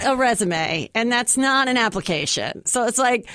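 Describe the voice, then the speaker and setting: A comedian guest from California's San Fernando Valley, with a Valley girl accent and a fairly high voice, chats quickly in a casual interview. She says "like" constantly and slips into animated impressions. The sound is clean studio quality with no room sound.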